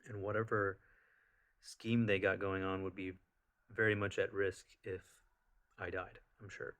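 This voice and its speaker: A man's voice: sits low, flat delivery, a little slow, fairly bright tone. A man telling a personal story in a casual, rambling way, full of fillers and restarts. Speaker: vlogger.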